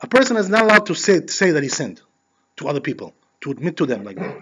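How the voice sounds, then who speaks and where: A man giving a conversational Torah class as a rabbi, animated and filling his talk with "you know". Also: on the high side, quick pace, slightly rough. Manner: peppers speech with "you know". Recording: dull lo-fi recording.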